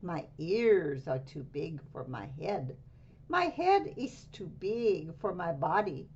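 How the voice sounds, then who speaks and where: A woman's voice: fairly low pitch, big pitch swings, slow pace, darkish tone, husky, dull audio, heavily acted. A woman voicing a bouncy young male cat who thinks he is a Chihuahua, speaking with a put-on Spanish accent in a sing-song way. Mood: proud.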